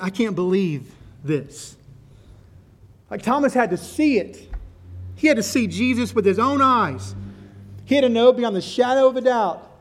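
A male pastor preaching a sermon in a church, stressing and repeating key words as he speaks directly to the congregation. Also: sits high.

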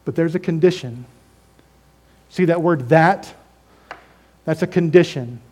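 A man's voice: fairly high pitch, unhurried, a little mellow. A man preaching a sermon, emphatic and repetitive, putting questions to his congregation. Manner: emphatic, repeats phrases, asks the congregation questions.

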